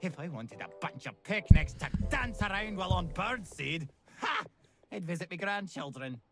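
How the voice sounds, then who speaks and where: An actor voicing a cranky old male bird film director with a gruff, gravelly accent, bossy and scolding, in a video game. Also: sits high, lively intonation, moderate pace, music in the background. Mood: grumbling. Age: older.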